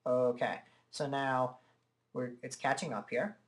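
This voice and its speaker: A man's voice: mid-range voice, a little slow. Casual man explaining a computer demo. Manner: relaxed, chatty explaining with frequent "uh" and "okay". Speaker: software tutorial presenter. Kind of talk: casual screen-recorded software demo. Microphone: desk microphone at a computer.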